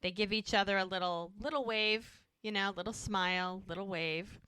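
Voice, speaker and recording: In a clean studio recording with no echo, a woman with a mid-range, clear and resonant voice speaks at a moderate pace. She's co-hosting a podcast, casually recapping a TV episode and animatedly acting out the characters' lines as she retells it.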